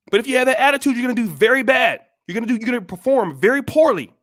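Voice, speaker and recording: Male vlog host, very high voice, preachy and forceful, tough-love rant. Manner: blunt, scolding, repeats rhetorical questions. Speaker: channel host. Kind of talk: blunt motivational monologue.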